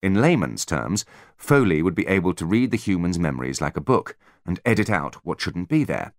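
A man narrating an audiobook in measured storytelling. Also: deep voice, sing-song, dry recording, clean studio sound. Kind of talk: scripted narration.

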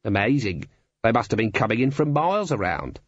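A man's voice: fairly low pitch, sing-song, fairly quick, no echo, highs cut off. A man doing an eager earnest helper.

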